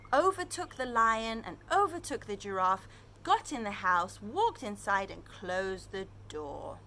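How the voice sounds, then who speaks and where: A woman with a medium-pitched voice reads a picture book aloud to children, then teaches them new words, asking plenty of questions in an animated way. She is a children's storyteller and Hebrew teacher. There is slight background noise.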